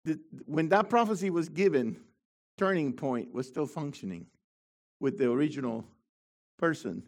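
A middle-aged man preaching a sermon with fervor, dropping to quiet asides and rising to shouted proclamations. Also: a little high, expressive, normal speed.

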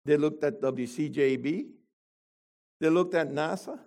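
An older man preaching a sermon to a congregation, animated and full of rhetorical questions. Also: fairly high pitch, measured pace, vocal fry.

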